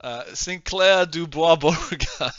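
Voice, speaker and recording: A man voicing a hospitable male adventurer who plays the Southern gentleman, in a Southern US accent with a showy manner. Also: slow pace, no echo, muffled recording. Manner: showy, hospitable, lively pitch swings.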